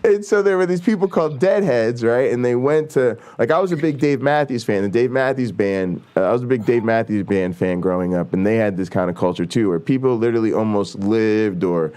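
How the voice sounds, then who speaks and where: A man's voice: medium pitch, brisk, hardly any pauses, mellow. A middle-aged man hosting a casual chat show, rambling and swearing, with many fillers. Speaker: host.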